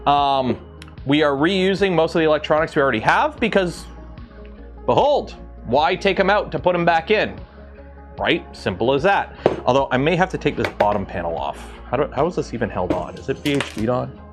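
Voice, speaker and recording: A man streaming live from his workshop, chatting casually and thinking aloud as he builds a 3D printer. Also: on the high side. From Canada.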